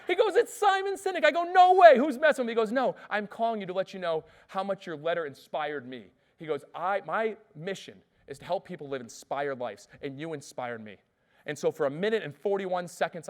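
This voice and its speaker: A man giving an energetic motivational keynote on stage, telling stories and checking in with the audience. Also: on the high side. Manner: energetic storytelling, often asks "all right?". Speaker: keynote speaker. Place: conference stage before an audience.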